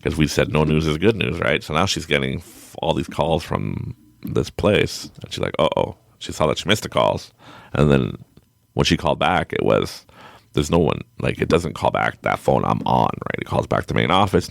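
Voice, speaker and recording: A man's voice: rumbling low, animated, moderate pace, gravelly, no room sound. A man in his late thirties telling a personal story on a podcast in a rambling, frank and emotional way, often restarting his sentences. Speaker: podcast guest.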